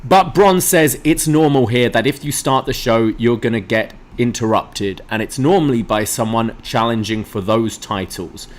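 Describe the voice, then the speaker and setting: A man's voice: medium pitch, normal speed, few pauses. Man, podcast co-host, recaps wrestling matches, quotes promos in funny voices. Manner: recaps events, mimics wrestlers' lines.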